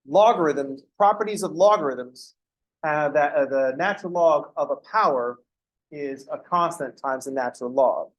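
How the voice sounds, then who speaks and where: A man's voice: on the high side, normal speed. A man teaching a math class, explaining step by step and breaking off into joking asides. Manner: joking asides, self-interrupting. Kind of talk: classroom lecture.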